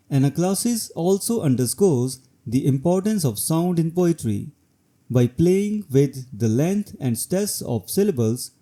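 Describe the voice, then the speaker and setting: A man reading a scripted educational narration in an even, measured way. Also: on the high side.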